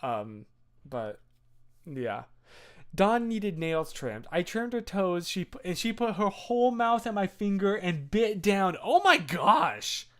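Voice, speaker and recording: An adult streamer in their thirties rambles through casual live-stream chat, answering viewers as they go. The talk is unhurried and drawn out, full of fillers, restarts and nostalgic asides, in a voice pitched in the middle. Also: expressive.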